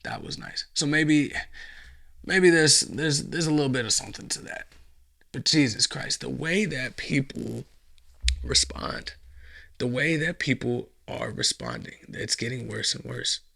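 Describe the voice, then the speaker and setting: A man's voice: medium pitch, very animated, unhurried, creaky, bright, forceful tone. A man hosting a solo podcast, ranting in a profane, mocking commentary monologue. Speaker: podcast host.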